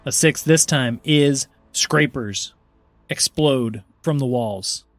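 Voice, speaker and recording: A man's voice: medium pitch, takes it slowly, faint music behind. A man running a tabletop game as game master, narrating playfully and laughing easily.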